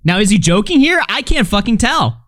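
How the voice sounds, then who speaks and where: Profane streamer with a swinging, lively voice. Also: male voice, sits high, brisk. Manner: loose, profane, laughing, reads chat aloud. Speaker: streamer reacting to a clip. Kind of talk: casual live-stream commentary.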